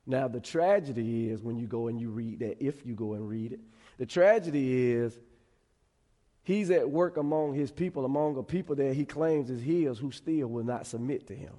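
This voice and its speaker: A man's voice: medium pitch, moderate pace, dark tone, long reverb tail. A man preaching a conversational sermon to his congregation, repeating words and adding asides as he goes. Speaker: pastor. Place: church sanctuary.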